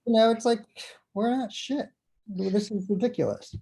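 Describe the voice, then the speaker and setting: A man interviewed as an author, talking in an animated, self-deprecating and profane way. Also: high voice, moderate pace, vocal fry, husky. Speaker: author guest. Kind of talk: conversational interview. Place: bookstore event.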